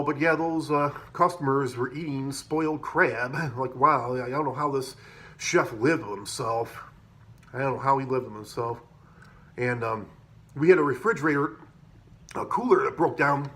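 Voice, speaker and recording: Man, casual storyteller, slightly high voice, rambling and swears a lot. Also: a bit bright. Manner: rambling, profane, with many fillers and restarts. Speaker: podcaster telling work stories.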